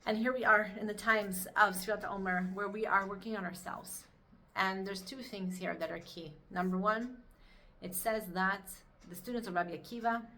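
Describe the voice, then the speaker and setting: A woman giving an inspirational Torah talk, telling a personal story in an animated, expressive way. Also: medium pitch. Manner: animated storytelling, rising to excited peaks. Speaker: Torah teacher.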